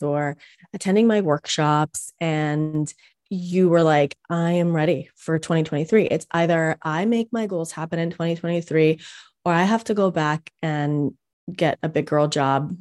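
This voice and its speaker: A woman in her thirties hosts a solo podcast from her home. She talks in a casual, excited way and uses lots of fillers. Her voice sits on the lower side for a woman. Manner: energetic, chatty, with fillers. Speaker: podcast host and business coach.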